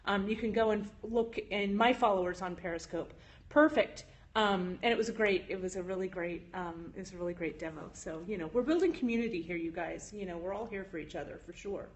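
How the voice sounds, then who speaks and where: A woman's voice: mid-range voice, a little fast. Chatty woman livestreaming from her bench. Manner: chatty, with frequent "um"s, reads and answers viewer chat. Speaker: jewelry maker hosting a livestream. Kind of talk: casual live-stream chat. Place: home jewelry studio. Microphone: phone.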